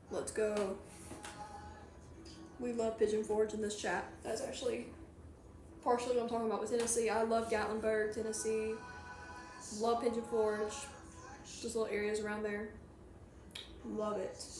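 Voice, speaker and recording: A young streamer from who talks in a high, chatty voice and rambles on while she reads her chat. Her voice has the room's echo in it, with faint music behind. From Georgia, USA. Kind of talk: casual chat while crocheting on a livestream.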